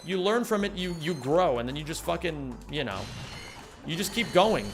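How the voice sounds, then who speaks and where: A man's voice: on the high side, animated, normal speed, faint music behind. A young man live-streaming a game, chatting casually and rambling, swearing often and reading chat aloud.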